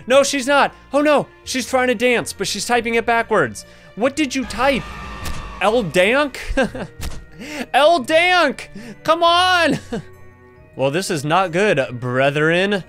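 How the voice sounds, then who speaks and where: A man giving casual gameplay commentary as a gaming host, excitable and playful, laughing and trash-talking often. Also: high-pitched.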